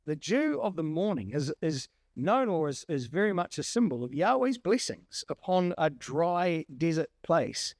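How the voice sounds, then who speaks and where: Animated male preacher, very lively pitch. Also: no echo, studio quality. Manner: animated, emphatic, acts out quoted lines. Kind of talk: sermon.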